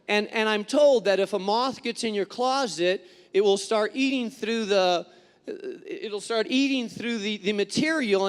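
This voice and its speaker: In a reverberant church sanctuary, a male pastor gives a sermon whose words ring out with a long tail. His voice is high for a man, and he tells stories with animation, acting out the people in them and their quotes.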